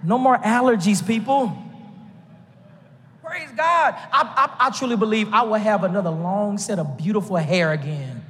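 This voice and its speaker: A man from Texas, preaching a lively sermon from the pulpit with jokes and rising shouts. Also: high-pitched, normal speed, long reverb tail. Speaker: pastor.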